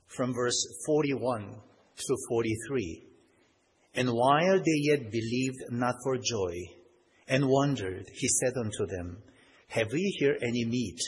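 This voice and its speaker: Emphatic male preacher in a reverberant hall. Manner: emphatic, rises in pitch and volume on key points; reads scripture in old-fashioned wording. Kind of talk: sermon. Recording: long hall reverb, faint background noise.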